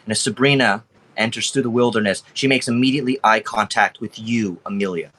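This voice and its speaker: A man's voice: fairly low pitch, a little fast, fairly bright tone. A man narrating as game master, casual and rambling, with frequent restarts.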